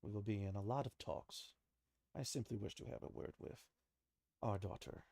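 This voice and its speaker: A man's voice: fairly low pitch, steady tone, normal speed, vocal fry, dark tone, no echo, studio quality, pitched below the performer's own voice. A man voicing a stern, formal king and father who gives orders. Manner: formal and commanding.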